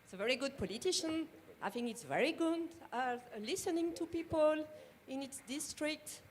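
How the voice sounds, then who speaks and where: High-voiced woman with a French accent. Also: expressive, normal speed, slight background noise. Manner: earnest, searches for words, restarts sentences. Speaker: co-chair of a national party branch. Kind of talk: welcome speech at a party assembly. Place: conference room.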